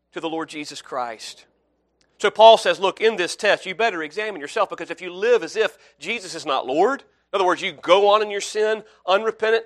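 Guy preaching a sermon, high bright voice, earnest, gets loud then goes quiet. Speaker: pastor.

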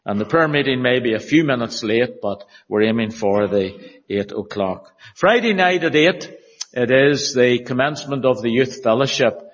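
A man leading a church service as minister, reading scripture in a measured, emphatic way and then giving the notices. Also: mid-range voice, lively intonation. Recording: echoey hall, dull lo-fi sound.

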